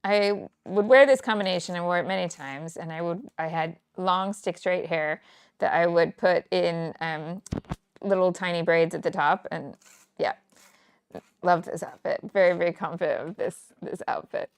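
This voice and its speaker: Chatty woman with a gravelly edge. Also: lowish voice, moderate pace, no echo. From United States, Kansas City area. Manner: chatty, rambling storyteller who laughs often. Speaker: scrapbooking teacher and livestream host. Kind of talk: casual crafting livestream chat.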